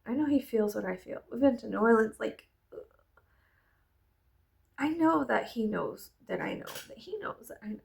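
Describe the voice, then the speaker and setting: A woman's voice: fairly high pitch, animated, normal speed, creaky, pauses often. A young adult woman chatting casually in a vlog, rambling, laughing often and swearing freely. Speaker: vlogger.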